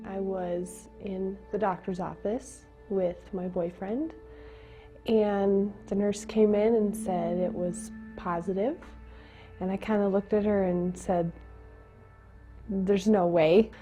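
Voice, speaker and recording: A young woman giving a personal testimony, speaking in a halting, emotional way with pauses and restarts. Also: mid-range voice, fairly even intonation. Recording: dull lo-fi sound with faint music.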